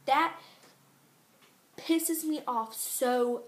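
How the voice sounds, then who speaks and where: A teenage girl vlogging in a casual, exasperated rant, chatty and quick to complain. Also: high-pitched. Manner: ranting, exasperated, fast and chatty. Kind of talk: casual chat to camera. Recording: echoey room.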